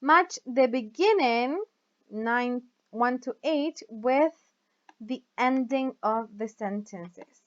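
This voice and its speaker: A woman teaching English grammar in a recorded video lesson, whose first language is Spanish. She reads example sentences aloud slowly and often checks with the class by asking "right?". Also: a little high, lively intonation, muffled recording.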